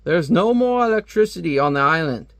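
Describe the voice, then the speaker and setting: A man's voice: fairly high pitch, lively intonation, a little fast, a bit bright, no room sound, studio quality. A man reading out a gloating male supervillain from a comic, in a theatrical, monologuing voice. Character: gloating male supervillain scientist, scheming father.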